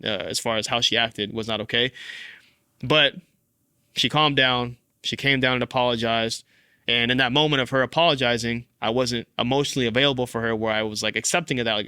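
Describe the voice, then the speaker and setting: A young man hosting a fatherhood podcast, telling a personal story in casual, animated speech full of "like" and "bro.". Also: mid-range voice, clean tone, dry recording, studio quality. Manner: animated, filler-heavy, says "like" and "bro" often. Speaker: podcast host.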